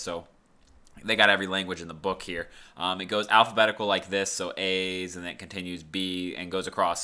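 A low-voiced man hosts a casual screen-recorded software tutorial, talking in a laid-back, rambling manner with lots of filler words.

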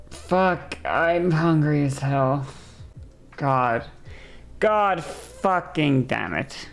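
Woman streamer, exasperated venter who swears freely, gravelly low voice. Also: animated, takes it slowly. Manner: exasperated, swearing, venting loudly. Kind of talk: casual live-stream chat.

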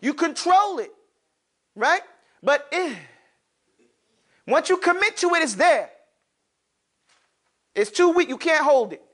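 With an extremely high pitch, a measured pace, and frequent pauses, a man teaches his class Arabic letters. He's lively, asking questions, answering some himself, calling on students, and adding casual slang.

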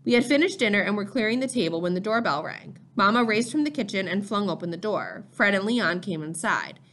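A woman reads a first-person novel aloud as an audiobook. Her narration is steady and measured. The pacing is unhurried. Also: mid-range voice. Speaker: audiobook reader.

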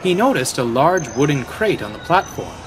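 A man's voice: a little high, big pitch swings, normal speed. A man reading a children's train story aloud in a storyteller style. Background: background music.

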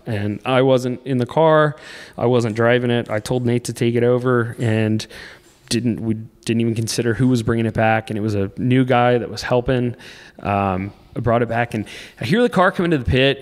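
A man in his thirties recounts a frightening personal story, stopping and restarting his phrases as he goes. His pitch sits in a middle range, and his delivery stays intense and earnest. A long reverb trails his voice, as if he were recorded in a large, echoing space. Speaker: podcast guest, off-road racer.

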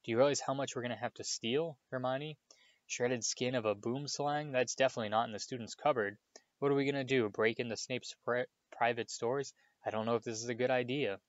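A man's voice: medium pitch, fairly even intonation, a little fast, no room sound, muffled recording, lightly acted. A man voicing a worried, doubtful schoolboy wizard.

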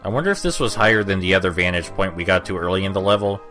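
A man's voice: low voice, expressive, racing, pushed and bright. A young man giving rambling, sarcastic commentary over a game playthrough, with faint game music behind. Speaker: let's play commentator. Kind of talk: gameplay commentary.

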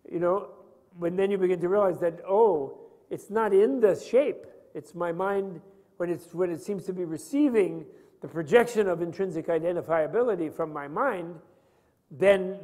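A high-pitched, slightly mellow male voice belongs to an older man discussing Buddhist philosophy. His lecture wanders conversationally, and he keeps turning to his students with questions, all echoing in the long reverb of a hall.

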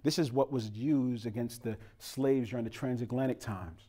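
A male pastor speaks at medium pitch and a moderate pace during his sermon. He tells funny stories about his family in a loose, colloquial, joking manner, engaging the congregation directly.

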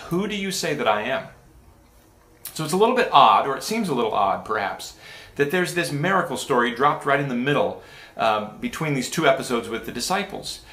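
A man's voice: mid-range voice, fairly bright tone. A man pastor giving a casual, conversational sermon with many restarts and asides. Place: church sanctuary. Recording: echoey church room.

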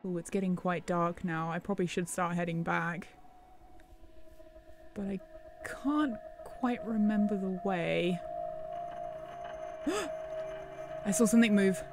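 A woman's voice: fairly low pitch, fairly even intonation, unhurried, noisy background. A woman narrating a Minecraft horror role-play in character, wonder-struck and breathless, slipping into panic. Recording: faint music underneath.

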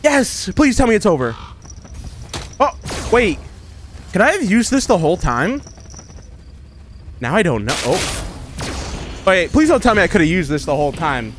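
A man playing a VR game and giving casual, excitable, self-mocking commentary. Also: sits high, unhurried, long pauses, background noise. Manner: excitable, self-mocking, frequent laughs and exclamations. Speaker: gaming YouTuber. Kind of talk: casual let's-play commentary. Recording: commentary over loud game music.

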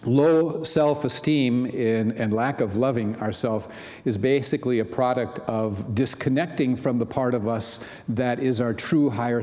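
A man's voice: mid-range voice, darkish tone. Conversational male pastor in a reverberant hall. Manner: conversational, many "you know" asides. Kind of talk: sermon.

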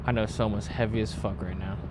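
A man's voice: on the low side, steady tone, brisk, very noisy. A man streaming a game and chatting with friends in a casual, joking way, swearing freely. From Pacific Northwest. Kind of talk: casual gaming chat with friends.

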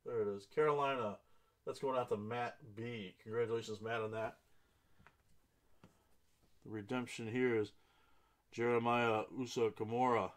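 A man hosting a live trading card break, reading out each card and buyer's name and bursting into excited exclamations over big hits. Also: medium pitch, moderate pace, long pauses.

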